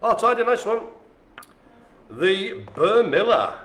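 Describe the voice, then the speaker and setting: A man's voice: high-pitched, takes it slowly, slight background noise. A man calling bingo on a live stream, joking and chatting with the people around him. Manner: jokey, animated, chatty with the room. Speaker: bingo caller. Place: indoor care home lounge. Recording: echoey room.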